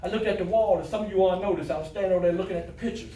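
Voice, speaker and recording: Older man, motivational speaker, high voice, echoey classroom, recorded from afar. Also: very fast, mellow, far from the mic. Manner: storytelling, plays voices in quotes, jokes with audience. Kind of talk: motivational talk with jokes and stories. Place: classroom of adult students.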